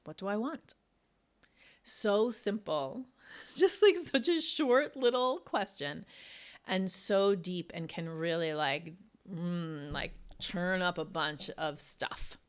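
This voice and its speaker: A woman's voice: fairly low pitch, animated, slow pace, clean tone. A middle-aged woman hosting a solo coaching podcast, chatty, with many "like" fillers and frequent laughs. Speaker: academic writing coach and podcast host. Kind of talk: casual solo podcast talk.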